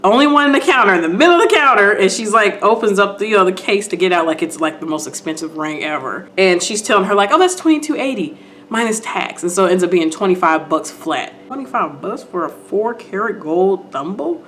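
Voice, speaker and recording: A woman vlogger chatting casually in a slangy, animated way as she recaps a show and talks straight to her viewers. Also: mid-range voice, brisk, few pauses, a little hiss or hum.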